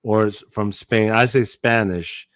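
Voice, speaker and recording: A man's voice: lowish voice, steady tone, unhurried. A man co-hosting a podcast, talking bluntly and with lots of swearing, with a lyrical bounce in his voice. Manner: blunt, profane, rambling. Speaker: podcast co-host. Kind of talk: casual podcast banter.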